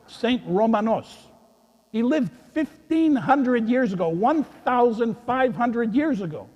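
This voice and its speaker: A man, a priest, giving a gentle children's sermon in a church, telling a story and chuckling with the kids. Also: very high-pitched, expressive, a little slow, dull audio. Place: large church. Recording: echoey church hall.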